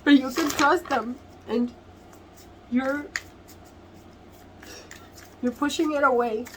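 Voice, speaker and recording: A woman giving a tarot reading to camera, emotional and earnest, often laughing softly and near tears as she repeats phrases. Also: sits high, fairly even intonation, slow, a little hiss or hum, rough recording. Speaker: tarot reader.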